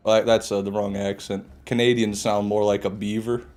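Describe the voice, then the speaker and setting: A young man with a low voice talks over faint music from his game. He rants and mocks in a sarcastic way, swearing freely as he answers chat on a casual live stream. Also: little pitch movement, normal speed, hardly any pauses, darkish tone. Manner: ranting, sarcastic, swears often.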